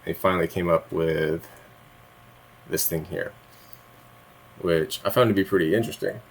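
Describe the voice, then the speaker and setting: A man's voice: deep voice, steady tone, normal speed, vocal fry, breathy edge. A man rambling through a casual vlog monologue, laughing mid-sentence and swearing when annoyed. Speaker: vlogger.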